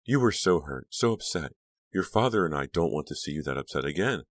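A man's voice: extremely low pitch, animated, fairly quick, no echo, clean studio sound. A man voicing a worried, disapproving middle-aged mother with a stern, reproachful manner.

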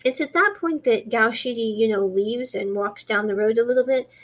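Woman, slightly high voice, chatty drama recapper, quiet quoted lines. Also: moderate pace. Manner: chatty, animated storytelling, quiet quoted dialogue. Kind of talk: casual retelling of a drama plot.

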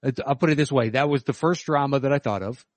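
A man's voice: mid-range voice, fast, dry recording. A man co-hosting a casual podcast chat in an easygoing, rambling way. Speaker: podcast co-host ranking film quotes.

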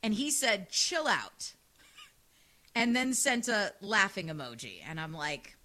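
A woman radio host with a loud, sassy, animated way of talking, telling a dating story in casual chat. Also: mid-range voice, unhurried.

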